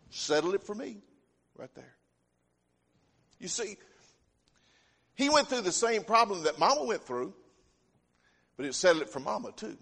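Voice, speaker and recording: A man's voice: a little high, slightly rough. A man preaching a sermon, telling homespun stories in a folksy way. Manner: folksy storytelling, homespun phrasing. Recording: long hall reverb.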